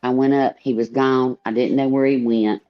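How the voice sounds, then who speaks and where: A woman's voice: extremely low pitch, little pitch movement, normal speed. A woman with a Southern accent, chatting loosely and repeating herself as a guest on a livestream panel. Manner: rambling, repeats herself, says y'all. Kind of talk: casual livestream panel chat. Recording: muffled, dry online call audio.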